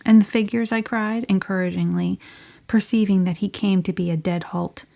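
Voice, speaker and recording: A woman voicing a spirited, headstrong teenage girl telling her story in an audiobook, often sinking to a breathy near-whisper. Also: lowish voice, fairly even intonation, normal speed, warm tone. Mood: telling a secret. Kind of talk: audiobook reading.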